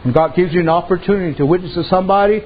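A high, husky male voice rattles off a sermon rapid-fire, telling stories in a folksy manner and using dialect. He often repeats "amen" and "I said," and the recording sounds dull and lo-fi.

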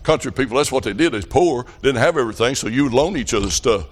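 A middle-aged man with a Southern US accent preaching a revival sermon, telling folksy stories and building up to fervent shouts. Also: mid-range voice, animated, quick pace.

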